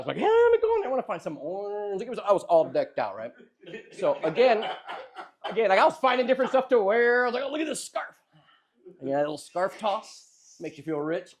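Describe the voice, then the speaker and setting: A young man telling a funny story in casual chat, animated and often laughing as he acts out what people said. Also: high-pitched. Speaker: podcast host telling a story.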